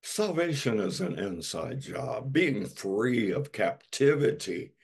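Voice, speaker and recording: Slow gravelly male preacher. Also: on the low side, very animated. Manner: slow, emphatic preaching with dramatic repetition. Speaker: pastor. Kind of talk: sermon.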